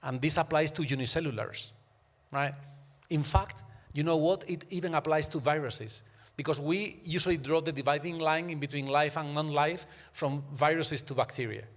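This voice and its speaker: Man, panelist, somewhat high voice, emphatic, checks in often, long auditorium reverb. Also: moderate pace. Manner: emphatic, keeps checking in with "right?". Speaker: symposium panelist. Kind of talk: live panel discussion. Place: university auditorium.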